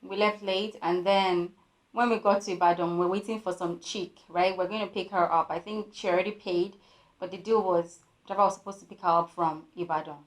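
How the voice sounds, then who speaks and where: Animated woman telling a story. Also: lowish voice, brisk, echoey room. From Nigeria. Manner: animated storytelling with voiced quotes. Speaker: vlogger. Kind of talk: storytime vlog.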